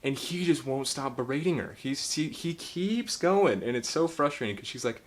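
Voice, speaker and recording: A man's voice: mid-range voice, lively intonation, moderate pace, hardly any pauses. A young man casually reviewing a book, rambling and swearing as he retells the plot with laughs.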